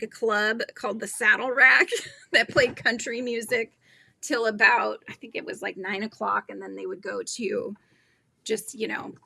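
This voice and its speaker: A woman's voice: medium pitch, vocal fry, sharp tone. A woman with a Californian accent hosting a casual livestream, chatting, giggling and reading viewer comments aloud. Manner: chatty, giggly, trails off mid-sentence. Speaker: crochet livestream host.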